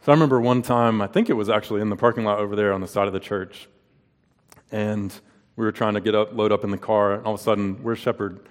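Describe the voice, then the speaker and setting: A man's voice: lowish voice, fairly even intonation, quick pace. A man in his thirties preaching a sermon in an earnest way, asking rhetorical questions and telling personal stories. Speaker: pastor. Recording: long reverb of a large hall.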